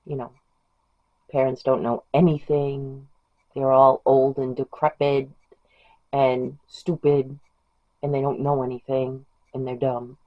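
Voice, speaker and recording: A woman's voice: rumbling low, level tone, slow, long pauses. Chatty woman book vlogger, dull lo-fi sound. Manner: chatty, rambling, gushing. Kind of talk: casual chat about books. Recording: dull lo-fi home recording.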